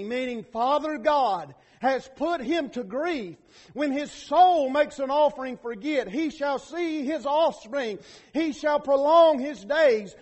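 Very high-voiced preacher building to fervor. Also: male voice. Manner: builds to impassioned, near-shouted peaks; quotes scripture with chapter and verse. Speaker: pastor. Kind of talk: sermon.

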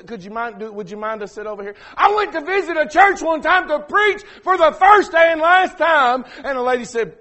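A preacher, delivering a sermon that swings from quiet asides to shouted emphasis. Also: male voice, extremely high pitch, animated, brisk, few pauses. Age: 40s.

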